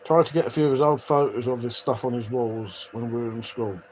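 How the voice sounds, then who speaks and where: Reading viewer comments aloud on his livestream, this man laughs, curses a lot, and keeps the chat casual. His medium-pitched voice is a little fast and a little mellow, heard through low-quality audio with some hiss or hum.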